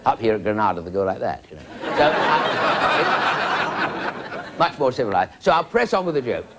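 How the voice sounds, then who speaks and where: A man's voice: medium pitch, sing-song, moderate pace, heavy background noise. A man telling a long rambling joke with chuckling asides. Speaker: comedian.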